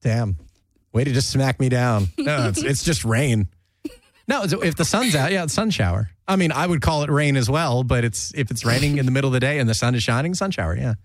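A man's voice: medium pitch, expressive, fairly quick, no room sound, studio quality. A man from New Jersey with a slight New Jersey accent, hosting a podcast in a casual, chatty way, often restarting and laughing. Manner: chatty, self-interrupting, laughs easily. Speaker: podcast host. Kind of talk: casual chat.

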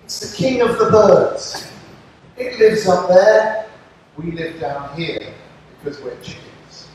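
Older guy doing a bossy know-it-all chicken, pitched up and loud, far off mic with lots of echo. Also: expressive, slow pace, slight background noise. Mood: explaining. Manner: raised, emphatic storytelling voice. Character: self-assured barnyard chicken explaining eagles. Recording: distant mic, echoey with long reverb.

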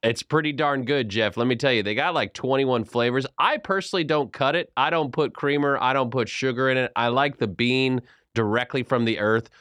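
A man's voice: medium pitch, brisk, few pauses, dry recording. A man hosting a morning radio show, joking and bantering playfully with his guests. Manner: animated, joking.

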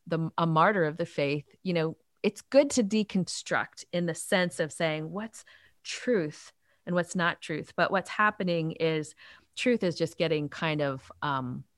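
A woman in her fifties who leads a youth ministry, answering interview questions in an earnest, animated way. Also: sits low, a little slow, no room sound, clean studio sound. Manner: earnest, animated storytelling with faith talk. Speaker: author and youth ministry leader.

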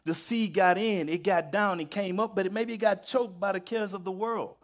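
A man preaching a sermon, telling stories with emphatic repetition and building to loud, excited peaks. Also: high-pitched, normal speed.

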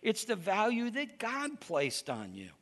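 A man preaching a lively, emphatic sermon to a congregation. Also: high voice, a little slow. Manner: lively storytelling, animated and emphatic.

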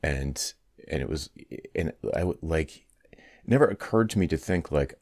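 A man's voice: very deep voice, animated, moderate pace, a little mellow, no room sound, studio quality. A man hosting a business podcast, talking casually with frequent fillers. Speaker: podcast host. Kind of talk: conversational interview.

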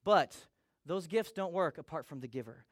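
High-voiced man preaching a sermon. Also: normal speed. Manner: conversational, animated, acts out quotes. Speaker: pastor.

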